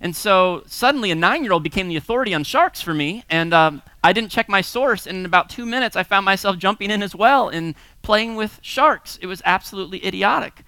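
A bright, crisp male voice, fairly high for a man, captured in a dry, close setting with no room echo. He preaches in a lively storytelling way, chuckling and acting out the people in his anecdotes. He sounds like an American man in his thirties or forties. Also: a little fast, hardly any pauses. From United States. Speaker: pastor teaching a series. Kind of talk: sermon-style talk with personal stories.

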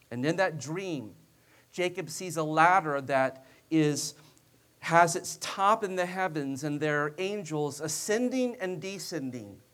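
A man preaching a sermon in a high voice, retelling the story in a relaxed, conversational way. He slips joking asides in among the narration and talks to his listeners as if chatting with them.

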